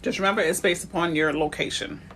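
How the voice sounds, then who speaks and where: Speaking fast in a low, fairly even, slightly bright voice, this woman realtor chats live with viewers about building credit. She keeps it direct and greets people by name. There's slight background noise.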